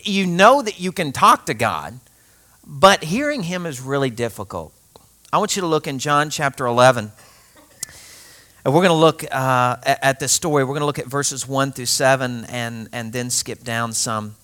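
Casting: male pastor, conversational sermon, animated storyteller who laughs often and talks directly to the congregation. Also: mid-range voice, moderate pace. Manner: conversational, speaks straight to listeners.

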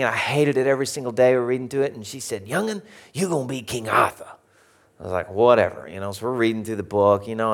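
Man, Arkansas Southern accent, humorous storytelling, animated, jokey, mid-pitched voice. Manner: animated, jokey, swings between loud and hushed. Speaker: speaker. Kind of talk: humorous storytelling talk to an audience.

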